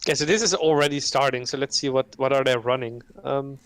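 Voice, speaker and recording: A man's voice: mid-range voice, steady tone, fast talker, fairly bright tone, clear, resonant tone. A young man casting an amateur esports match, analytical, stumbling over repeated words and chuckling between points. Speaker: caster. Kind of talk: casual esports commentary.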